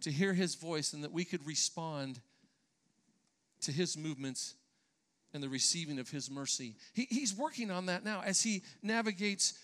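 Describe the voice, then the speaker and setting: A man's voice: on the high side, animated, moderate pace, fairly bright tone. A man preaching a sermon in church, earnest and emphatic, sometimes restarting his phrases. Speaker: pastor.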